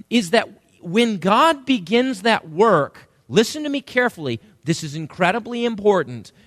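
A man's voice: high-pitched, a bit bright, no echo, clean studio sound. A male pastor preaching an emphatic sermon and asking the congregation questions.

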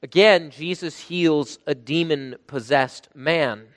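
A man preaching a sermon, emphatic, rising to loud bursts when he quotes. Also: fairly high pitch, slow, no echo, long reverb tail. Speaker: pastor.

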